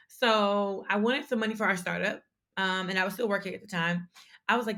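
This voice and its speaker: A woman's voice: mid-range voice, fairly even intonation, a little fast, pushed and bright. Young woman, chatty interview guest, open and unguarded. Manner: candid, chatty, frequent fillers. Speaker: guest founder. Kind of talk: casual interview storytelling.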